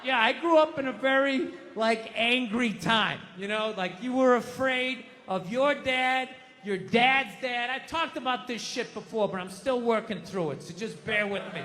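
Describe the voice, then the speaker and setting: High-pitched ranting stand-up comedian. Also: male voice, unhurried, hardly any pauses, noisy background. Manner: loud, ranting, acts out voices. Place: comedy stage in a large venue. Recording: live hall with audience laughter.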